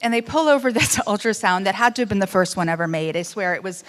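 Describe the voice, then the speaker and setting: A woman's voice: medium pitch, fast. Woman telling her story with swings in volume. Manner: animated, swings between loud outbursts and hushed moments; wry humor amid serious story. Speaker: speaker giving personal testimony. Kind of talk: emotional first-person storytelling speech.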